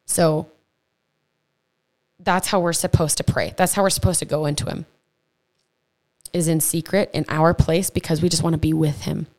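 A woman hosting a faith podcast, teaching in a chatty, earnest way, with stumbles and quick asides. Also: low-pitched, fairly even intonation, a little mellow. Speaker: podcast host. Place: home podcast setup.

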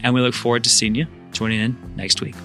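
A man's voice: medium pitch, level tone, fast talker, music in the background. A man co-hosting a casual podcast, chatting and laughing often and poking fun at himself. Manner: laughs often, self-deprecating. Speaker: podcast co-host. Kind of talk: casual chat.

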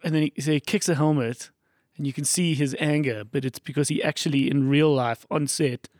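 A man with a somewhat higher voice tells a bit of trivia in a relaxed chat with friends. His reactions are quick and easy. The sound is dry and close. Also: no echo. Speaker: podcast co-host. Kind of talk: casual chat.

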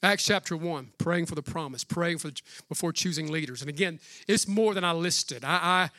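A man preaching a sermon as pastor, in a casual, energetic way with slangy asides. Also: on the high side, moderate pace, no echo, studio quality.

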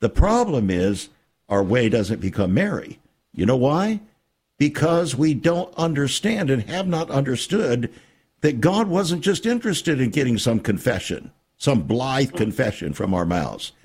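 A man hosting a Christian radio talk show, preaching with emphasis and dramatic pauses. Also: medium pitch, sing-song, a little mellow, breathy edge. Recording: radio studio.

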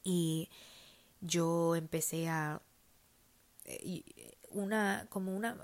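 A woman giving a personal faith testimony, switching between Spanish and English mid-sentence in a soft, confiding way that often sinks to a whisper. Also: lowish voice, gravelly. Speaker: church member sharing her testimony.

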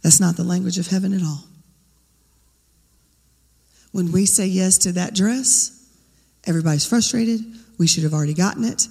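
Gravelly woman preaching in echoing church. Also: fairly low pitch, moderate pace, long pauses, mellow. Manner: conversational, rhetorical questions to the congregation. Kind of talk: sermon. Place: church sanctuary.

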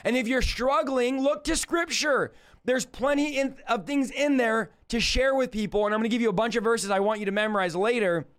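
High-voiced, fiery shouting preacher. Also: male voice, fairly quick, clear, resonant tone. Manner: rhetorical questions, swings between shouts and low asides. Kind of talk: live-streamed sermon.

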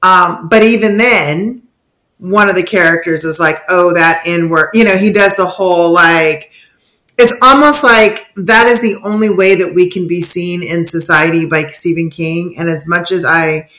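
A woman's voice: on the low side, normal speed, pushed and bright, low-quality recording. A woman co-hosting a podcast in casual, emphatic chat, often slipping into mocking quoted asides. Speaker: podcast co-host.

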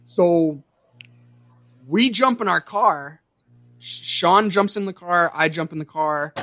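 A man with a slightly high voice hosts a casual podcast, telling a story in a loose, rambling way. He swears freely and restarts his sentences often, piling on fillers as he goes. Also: slow, sharp tone, a little hiss or hum. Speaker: podcast host.

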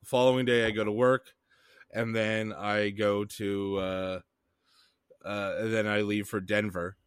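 A man's voice: fairly low pitch, little pitch movement, a little slow, clean tone, dry recording, clean studio sound. A man from Canada co-hosting a podcast, telling a travel story in a profane, ranting way. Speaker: podcast co-host. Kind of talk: casual chat.

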